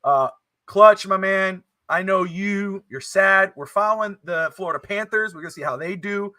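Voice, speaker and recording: A man's voice: high-pitched, moderate pace, sharp tone, no room sound. A man hosting a casual sports talk show, chatty and emphatic, on a close mic. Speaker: podcast host.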